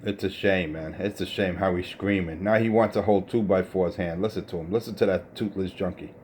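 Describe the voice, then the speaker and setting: A man's voice: sits low, steady tone, a little fast, darkish tone, a little hiss or hum. A man rants scornfully over CB radio about another operator's gear. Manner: scornful, insulting, technical ranting. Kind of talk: profane CB radio banter.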